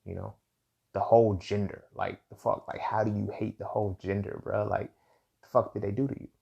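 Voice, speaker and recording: Low gravelly man musing in slang. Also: little pitch movement, a little fast, dark tone, muffled recording. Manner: casual, slangy, frequent "you feel what I'm saying"; repeats words and restarts while thinking aloud. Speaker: podcast host. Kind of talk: solo commentary monologue.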